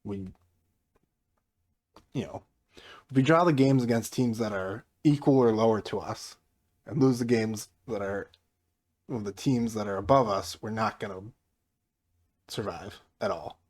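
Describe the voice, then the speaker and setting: A man with a fairly low voice talks through his football management game in a relaxed, mostly monotone way. His casual commentary stays low-key. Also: unhurried, long pauses. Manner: mostly flat and low-key, jumping up excitedly at goals; self-described monotone delivery. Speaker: gaming YouTuber.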